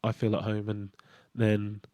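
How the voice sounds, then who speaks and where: A man speaks candidly in a low, mellow voice, reflecting on his own life. He talks in a halting way and restarts as he searches for words. The sound is dry and close. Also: monotone, dry recording. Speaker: channel host. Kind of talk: reflective personal monologue.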